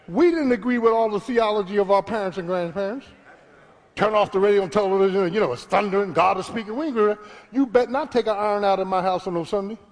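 Middle-aged male pastor from Philadelphia, high lively voice, shouting sermon in a reverberant church. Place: church sanctuary.

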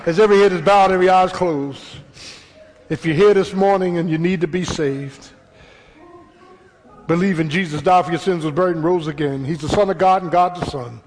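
A man preaching a sermon that swings from quiet storytelling to shouted call and response, then leading an altar call. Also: high voice, fairly quick, low-quality recording. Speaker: pastor. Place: church sanctuary. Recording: live church with congregation and room noise.

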